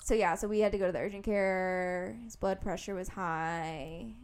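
A woman's voice: mid-range voice, moderate pace, smooth. A young woman co-hosting a podcast, telling a story in casual chat, acting out quotes and saying "like" a lot. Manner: animated storytelling, acts out quotes, many "like"s. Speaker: podcast co-host.

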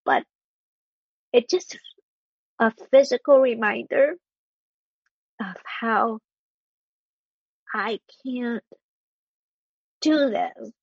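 A woman guest speaking candidly and earnestly about a hard personal experience, with halting restarts as she talks. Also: a little high, vocal fry, breathy edge, dry recording, dull audio. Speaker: interview guest. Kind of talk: candid personal storytelling in conversation.

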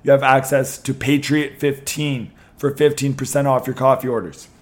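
A young man, slightly hoarse, hosting a podcast in a chatty way with many ums and restarts. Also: medium pitch, level tone, normal speed. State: losing his voice a little. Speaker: podcast host. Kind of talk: casual podcast talk.

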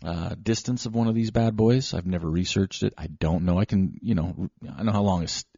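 A man hosting a show, telling a casual, rambling, self-deprecating story with animated asides. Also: low voice, brisk, creaky, slightly rough, dry recording. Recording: slightly dull lo-fi recording.

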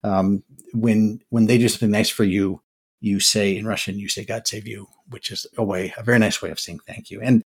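In a relaxed solo podcast segment, an older male host speaks briskly with a husky, fairly low voice and fairly even intonation. His talk is reflective and wandering, full of restarted words.

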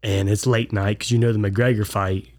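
A podcast co-host with a low-ish, level voice chats casually at a moderate pace. A clogged ear leaves him sounding stuffed up and congested. He tells stories loosely and acts out the lines of the people he quotes.

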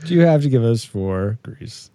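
Male podcast host; playful, jokey, mellow, dry close mic. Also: mid-range voice, lively intonation, moderate pace, clean tone, no room sound. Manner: playful, jokey, reads segment intros. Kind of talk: casual chat with scripted segments.

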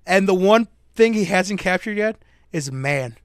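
A young man co-hosting a podcast, telling a story in a casual, animated way with jokey asides. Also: high voice, measured pace, dry recording, clean studio sound. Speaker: podcast co-host. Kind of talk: casual chat.

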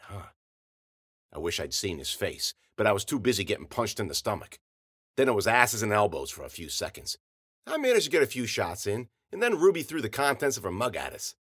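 A man narrating a first-person story in a wry, hard-boiled deadpan. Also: mid-range voice.

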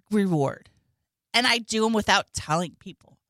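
Woman cohost, bright and lively pitch, deadpan riffs, dry sound. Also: moderate pace, no room sound. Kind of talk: casual comedic chat.

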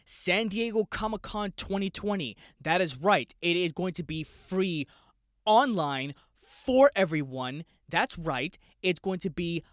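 A young man hosts a casual solo podcast in a fairly high voice, excitable and quick to swear as he talks straight to his listeners. The sound is dry and close, with no room around it. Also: no room sound. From United States. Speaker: podcast host.

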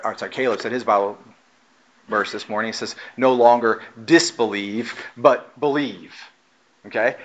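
A man preaching a sermon as pastor, moving from quiet explanation to loud, urgent exhortation. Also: medium pitch, muffled recording. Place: church.

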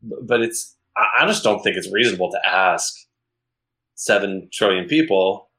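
A man's voice: deep voice, normal speed, bright, forceful tone, poor audio. A man co-hosting a podcast, chatting casually and thinking aloud with frequent restarts. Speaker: podcast co-host.

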